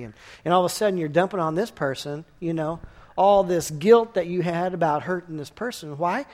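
A man with a fairly high voice delivers a sermon. He talks in a relaxed, folksy way, like he is chatting with the congregation rather than lecturing. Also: a little fast. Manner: folksy, conversational, chuckles while telling stories. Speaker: pastor.

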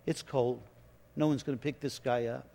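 An older man preaching a sermon, telling a story in an emotional, halting way. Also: medium pitch, fairly even intonation, vocal fry, warm tone, in a large hall. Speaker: pastor.

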